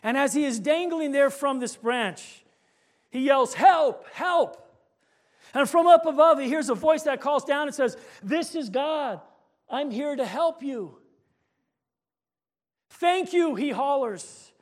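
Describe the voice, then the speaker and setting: A man pastor preaching a sermon, telling stories and slowing down on key points. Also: extremely high pitch. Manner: storytelling preacher, slows for emphasis, rising to shouts in anecdotes.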